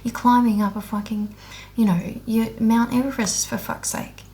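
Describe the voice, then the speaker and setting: A woman's voice: a little high, fairly even intonation, normal speed, mellow. A woman speaking in a candid, unscripted monologue, blunt and heavily profane, earnest and emotional as she rambles with restarts about her spiritual awakening.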